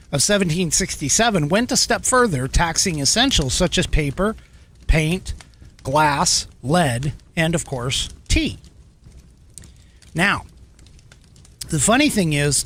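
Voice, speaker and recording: Chatty man with a lively, animated voice. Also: a little high, a little hiss or hum. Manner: chatty, digresses, hesitant fillers while searching notes. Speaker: podcast host. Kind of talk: reading a history segment with casual asides.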